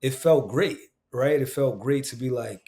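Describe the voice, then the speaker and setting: A man's voice: medium pitch, moderate pace, dark tone. A man from Queens, an actor and voice actor talking as a guest on a casual podcast, candid and emphatic, with lots of slang and swearing. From Queens, New York.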